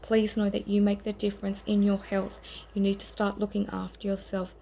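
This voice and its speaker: Woman, tarot reader, rambling, earnest, mellow dark voice, some vocal fry. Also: medium pitch, completely flat delivery, fairly quick, a little hiss or hum, low-quality recording. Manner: rambling, earnest, with frequent ums and self-corrections. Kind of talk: informal tarot reading to camera.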